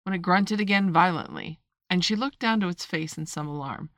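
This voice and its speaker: A woman narrating a storybook in a measured, expressive read-aloud manner. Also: fairly low pitch, no echo, studio quality. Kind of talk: storybook reading.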